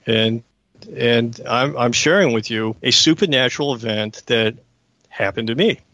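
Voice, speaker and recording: A man's voice: medium pitch, unhurried, pushed and bright, no echo. Male talk radio host, mid-range voice, very dry close mic, emphatic personal storyteller. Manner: earnest, emphatic, keeps checking in with listeners.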